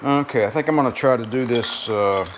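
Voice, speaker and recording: Male garage host, mid-pitched, folksy and rambling, noisy workshop sound with clanks. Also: brisk. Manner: rambling, folksy, self-deprecating. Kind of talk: casual workshop vlog narration. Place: home garage and driveway.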